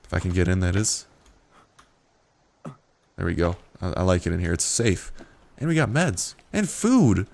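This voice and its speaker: A man's voice: deep voice, sing-song, moderate pace, gravelly, long pauses, darkish tone. A young man casually commentating a survival game, playful and joking with profane asides. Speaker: gameplay commentator. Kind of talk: casual let's-play commentary.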